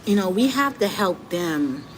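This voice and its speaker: A woman's voice: mid-range voice, a little slow. Candid middle-aged woman, noisy stream. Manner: candid, animated, talks straight to viewers. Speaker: livestream host. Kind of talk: casual commentary monologue. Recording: noticeable background noise.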